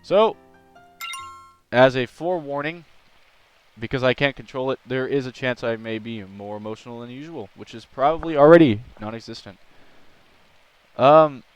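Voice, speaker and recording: A young man chatting on a live stream, telling an animated, rambling story. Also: medium pitch, moderate pace, pauses often, clear, resonant tone, soft background music, poor audio. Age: young adult. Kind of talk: casual live-stream chat.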